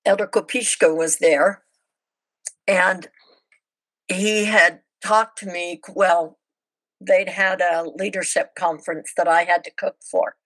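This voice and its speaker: A woman's voice: on the low side, fairly even intonation, slow, fairly bright tone, no echo, rough recording. An older woman, a podcast guest, telling her missionary stories in casual, chatty conversation. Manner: chatty, anecdotal. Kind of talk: casual storytelling interview.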